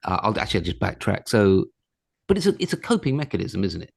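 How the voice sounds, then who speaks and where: A man's voice: fairly low pitch, sing-song, fast talker, gravelly, slightly rough, dry recording. A man hosting a podcast, bantering casually and teasing his guest. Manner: joking, teasing. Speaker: podcast host.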